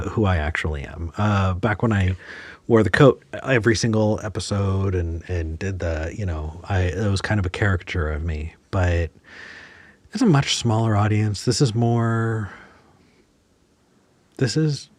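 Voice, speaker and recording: A man's voice: low voice, a little slow, darkish tone, no echo. A man hosting a podcast, talking reflectively and searching for words with frequent restarts. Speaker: podcast host. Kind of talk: casual conversation.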